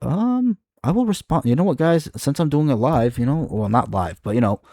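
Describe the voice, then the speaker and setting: A man's voice: medium pitch, lively intonation, moderate pace, warm tone, no room sound, studio quality. A man reacting to online comments in his video, exasperated and profane, rambling with frequent restarts. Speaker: video creator.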